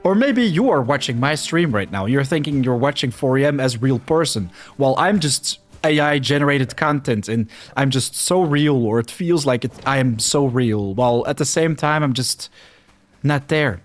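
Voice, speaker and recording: A man's voice: mid-range voice, expressive, moderate pace. A young man with a Flemish accent, Dutch-speaking, chatting casually and self-deprecatingly with his viewers while playing a game. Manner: rambling, self-deprecating, talks to chat. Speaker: streamer. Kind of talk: casual livestream chat over gameplay.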